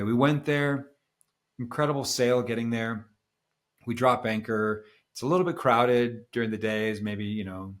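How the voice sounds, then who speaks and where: A middle-aged man co-hosting a podcast, telling a travel story in a relaxed, rambling way. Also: mid-range voice. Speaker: podcast co-host. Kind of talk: casual storytelling chat.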